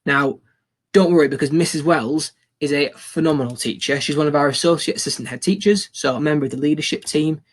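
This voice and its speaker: A young man gives a recorded school lesson. His voice sits a little high and has a slightly husky texture. He is upbeat and encouraging and repeats phrases for learners to say back. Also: a little fast. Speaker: teacher.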